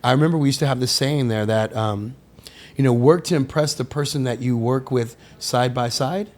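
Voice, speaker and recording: A middle-aged man, a guest on a podcast, telling stories in a casual, animated way, acting out the voices of people he quotes and swearing now and then. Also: medium pitch, normal speed. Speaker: podcast guest, sommelier and winemaker. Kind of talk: casual storytelling interview.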